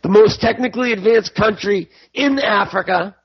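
A man's voice: high-pitched, moderate pace, vocal fry, breathy edge, no echo, lo-fi sound. A man ranting angrily to his viewers about politics, swearing and repeating himself. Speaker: political commentator.

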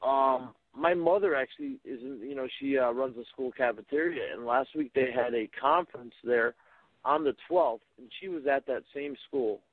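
A man, himself a radio host, talking casually as a guest, halting and full of "you know" and restarts. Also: mid-range voice, no room sound. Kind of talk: casual call-in conversation. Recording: tinny phone line.

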